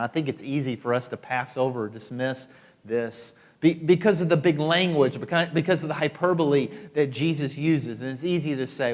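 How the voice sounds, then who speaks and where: A man preaching a sermon as pastor, emphatic, repeating phrases and dropping into soft asides. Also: a little high, in a large hall. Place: church auditorium.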